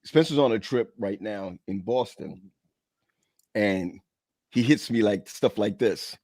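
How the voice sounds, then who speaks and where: A man's voice: fairly low pitch, slow, darkish tone, no echo, studio quality. A man chiming in with brief interjections during a casual chat. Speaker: co-host.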